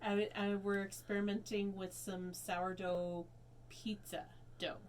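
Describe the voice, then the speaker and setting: A woman's voice: mid-range voice, little pitch movement, slow, a little hiss or hum. A woman chatting casually with the host, laid-back and easily amused. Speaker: co-host guest. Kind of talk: casual chat.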